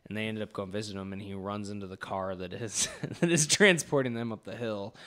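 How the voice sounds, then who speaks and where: A man's voice: lowish voice, fairly quick, fairly bright tone. Rambling young man retelling a movie. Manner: rambling, swearing, acts out scenes with laughter. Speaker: podcast co-host. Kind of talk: casual movie review chat.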